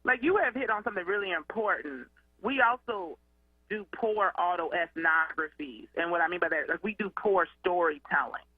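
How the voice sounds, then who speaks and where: A woman educator and student advocate, a guest calling in to a radio show, explaining in an animated, conversational way. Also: on the low side, normal speed, slightly rough, no echo. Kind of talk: radio call-in interview. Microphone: phone line. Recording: tinny phone line.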